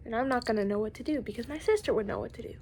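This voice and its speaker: A young woman rambles through a confessional vlog, losing her thread and drifting down into whispers. Her voice sits a little high. A faint noise hums behind her. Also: very fast, a little mellow. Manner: rambling, trailing off, drops to whispers. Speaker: vlogger.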